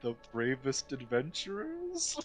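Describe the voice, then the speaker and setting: A man's voice: medium pitch, wildly swooping pitch, slow, soft background music, poor audio. Man doing a wheedling old bird-man. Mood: doubtful. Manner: questioning, childishly wheedling. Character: old male kenku, greedy and doubtful.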